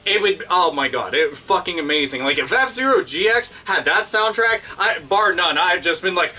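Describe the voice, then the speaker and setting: A man hosting his own video, ranting casually and excitedly with constant swearing and crude exaggeration. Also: high-pitched, moderate pace, recorded from a distance, noisy background. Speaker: video host. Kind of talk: casual profane rant.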